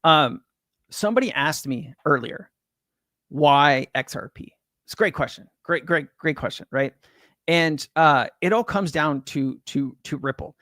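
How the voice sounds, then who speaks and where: A man's voice: on the high side, measured pace, fairly bright tone, dry recording, studio quality. A man hosting a casual crypto livestream, rambling and chatty with lots of fillers and restarts.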